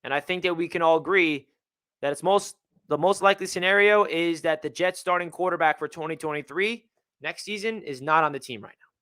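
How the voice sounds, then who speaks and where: Young male streamer, slightly high and bright, emotional fan ranting between donations. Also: fairly quick, smooth. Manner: emotional, reads out donor messages, swings between gloomy and fired-up. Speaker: livestream host. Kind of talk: live fan reaction stream.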